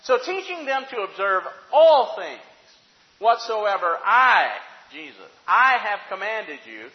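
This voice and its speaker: A man's voice: high-pitched, sing-song, slow. A man preaching a sermon, emphatic and full of rhetorical questions, in a church sanctuary. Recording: dull, echoey hall recording.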